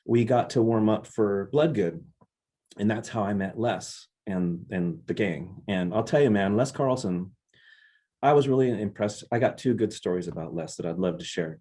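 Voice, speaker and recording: Husky low-voiced man telling stories. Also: dark tone. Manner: earnest, reflective anecdotes. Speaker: guest musician, drummer. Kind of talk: casual interview storytelling.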